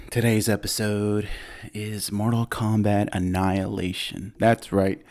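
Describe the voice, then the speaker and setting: A male podcast host talks through a movie at an unhurried crawl. His low voice carries a gravelly fry, and he rambles with fillers and little chuckles. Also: darkish tone. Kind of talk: casual movie-review chat.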